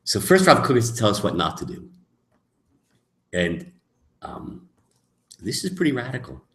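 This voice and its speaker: A man teaching as a rabbi in a lecture, emphatic, moving between soft asides and loud, stressed points. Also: medium pitch, sing-song, moderate pace. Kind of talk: lecture on Jewish mysticism. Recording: echoey room.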